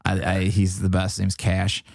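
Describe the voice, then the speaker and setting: A man's voice: sits low, monotone, normal speed, vocal fry, a little mellow, no room sound, studio quality. A man chatting casually as a comedian guest on a podcast, rambling and swearing freely. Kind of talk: casual chat.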